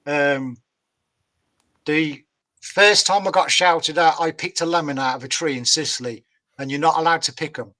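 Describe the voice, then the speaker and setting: A man's voice: a little high, normal speed, bright, forceful tone. An English man telling a rambling, self-amused travel story in casual chat. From England. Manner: rambling, laughs at his own story. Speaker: guest storyteller. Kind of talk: casual storytelling on a live call.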